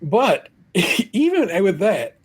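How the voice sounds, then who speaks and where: A young man hosting a podcast, retelling a frustrating episode in an animated, exasperated casual way. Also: sits high, extremely slow, husky. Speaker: podcast host. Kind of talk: casual storytelling chat.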